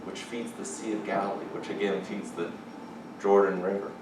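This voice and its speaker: Male chapel preacher, animated and exclamatory, lowish voice, distant mic, noisy echoing hall. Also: normal speed. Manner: animated, rising to excited exclamations. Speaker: chapel speaker. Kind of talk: lively chapel sermon. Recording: echoey hall from far off, background noise.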